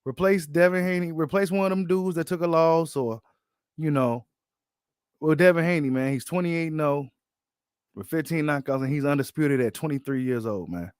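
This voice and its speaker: A man hosting a boxing channel, giving casual, animated reaction commentary full of slang and repeated phrases. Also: a little high, moderate pace, smooth, no room sound, studio quality.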